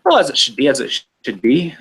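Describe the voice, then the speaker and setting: A man's voice: medium pitch, huge pitch swings, quick pace, a bit bright, slightly rough, voice pushed up, heavily acted, rough recording. A man voicing a cheery young woman werewolf with a put-on Irish accent in a tabletop role-play, bubbly and a little breathless. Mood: cheerful. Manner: bubbly, breathless after running.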